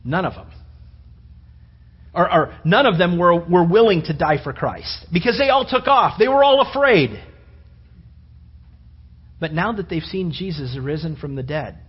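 Husky-voiced man preaching a sermon. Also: on the high side, unhurried, pauses often, dull audio. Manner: animated storytelling, acting out disciples' voices. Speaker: pastor.

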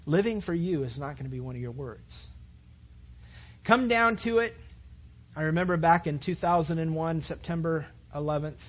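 Brief: male pastor, sermon, husky, fairly high, muffled recording. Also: moderate pace. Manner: conversational, repeats words, builds to emphatic.

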